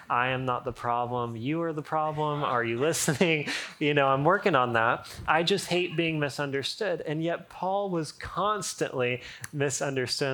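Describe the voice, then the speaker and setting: Guy pastor doing a sermon, casual and jokey, normal mid voice, gets louder reading the bible bits. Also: mid-range voice. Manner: humorous, conversational, reads scripture aloud with rising energy.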